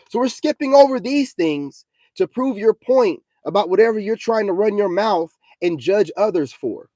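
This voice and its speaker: A young man rants into the camera in a combative, preachy monologue, circling back to the same points. His voice sits a little high for a man, with a soft, mellow tone. The sound is dry and close. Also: lively intonation, normal speed, no echo. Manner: preachy and combative, repeats himself, says "you know what I'm saying" often. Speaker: self-styled spiritual vlogger. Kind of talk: ranting vlog monologue.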